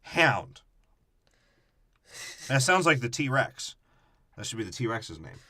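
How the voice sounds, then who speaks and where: Man, podcast co-host, bright voice, dry close mic, profane mocking rants. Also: medium pitch, big pitch swings, normal speed, dry recording. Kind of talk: casual crude movie-review banter.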